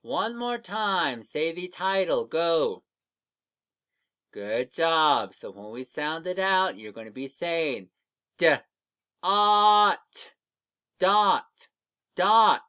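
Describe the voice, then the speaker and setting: A man teaching young children to read, leading slow, patient drills of letter sounds for an online lesson. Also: on the high side, very animated, fairly bright tone, clear, resonant tone.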